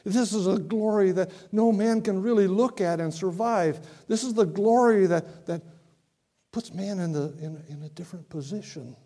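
A man preaching a sermon, dramatic and swinging from loud to hushed, often repeating words. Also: high voice, normal speed.

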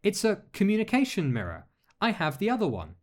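A man's voice: high-pitched, wildly swooping pitch, a little fast, pitched above the performer's own voice, heavily acted. A man voicing an earnest, flustered young witch girl who stammers when embarrassed. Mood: shy.

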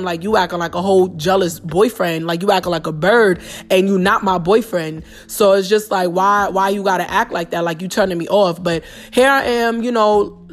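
A young woman with a New York accent hosting a podcast, bluntly retelling a personal story in a casual, profane monologue full of slang. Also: mid-range voice. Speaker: podcast host.

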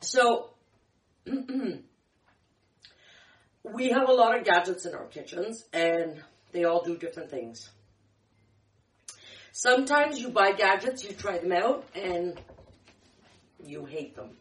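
A woman's voice: on the low side, sing-song, slow, long pauses. A woman hosting a kitchen tips show, chatting casually in a rambling, self-correcting way, her throat a little dry from a candy in her mouth. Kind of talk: casual demo chat. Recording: echoey room, far from the mic.

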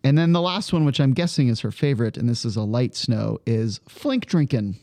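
A man hosting a casual campus podcast, with a gravelly, creaky edge to his voice and a dry, close-miked sound. His talk is playful and full of laughter as he steers the chat from one segment to the next. His pitch sits in a middle range for a man. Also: lively intonation, a little fast, mellow, dry recording. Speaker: podcast host.

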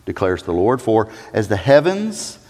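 Pastor guy preaching, big dramatic swings loud to quiet, long echo like a big church. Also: lowish voice, big pitch swings, measured pace. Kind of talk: sermon. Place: church sanctuary. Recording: long hall reverb.

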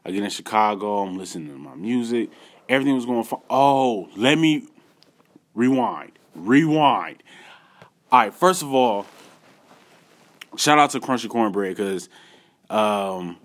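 A man telling a personal story in a casual, animated way, speaking straight to his viewers with slangy asides. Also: lowish voice, moderate pace. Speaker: vlogger.

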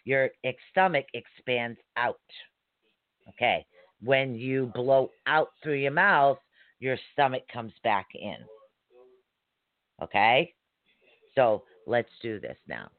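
A man's voice: mid-range voice, expressive, slow, long pauses, no room sound. Chatty man teaching, tinny dry audio. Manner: chatty, lists items with frequent "okay?" asides; self-correcting, laughs at himself. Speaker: spiritual teacher. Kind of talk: casual instructional talk.

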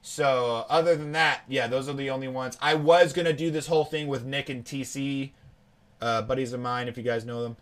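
A man's voice: mid-range voice, fairly even intonation, fairly quick. A young man co-hosting a podcast, chatting casually and rambling, often quoting people in put-on voices. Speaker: podcast co-host. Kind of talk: casual chat.

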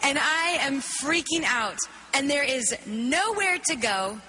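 A woman giving an animated spoken testimony, acting out her own reactions as she tells the story. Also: sits high, slow, long reverb tail, soft background music. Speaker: worship leader telling a testimony.

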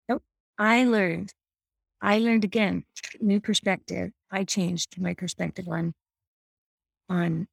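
A middle-aged woman shares a personal faith story in an earnest, heartfelt way. Her voice has a gravelly edge. The sound is close and dry. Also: medium pitch, normal speed, no echo. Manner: warm, earnest storytelling with self-deprecating laughs. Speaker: mother sharing a faith story.

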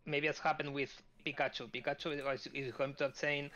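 A man's voice: fairly high pitch, little pitch movement, brisk, sharp tone. A man who is a guest on a podcast, talking in casual chat and often stopping to search for words, with many fillers. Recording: dull lo-fi audio.

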